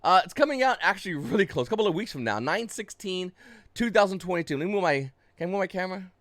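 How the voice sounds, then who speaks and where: A young adult man comments on the card game market for YouTube, on camera, in a high, fairly bright voice with lively intonation and a racing pace. He's casual, blunt and profane, sometimes flaring into agitated rants. The recording has no room sound.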